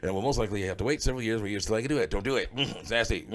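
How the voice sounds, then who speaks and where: A man's voice: fairly low pitch, fast. A man reading comments aloud and answering them in blunt, dismissive retorts, chuckling often between remarks. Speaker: online commentator.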